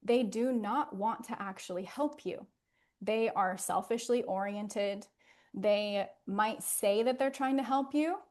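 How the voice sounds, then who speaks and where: A woman therapist in a podcast interview, explaining in an earnest, gentle way and often softening to a soothing hush. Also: medium pitch, takes it slowly.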